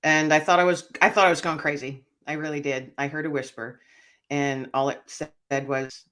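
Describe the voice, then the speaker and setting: Appearing as an interview guest, a woman shares her personal testimony in a low-pitched voice at a moderate pace. She is earnest and reflective, and her voice drops quietly whenever the story gets heavy.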